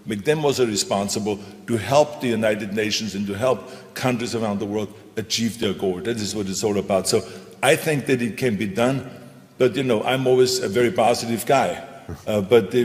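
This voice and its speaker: Emphatic man in a reverberant hall. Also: lowish voice. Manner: emphatic, repetitive, motivational. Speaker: panel speaker. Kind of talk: stage panel talk.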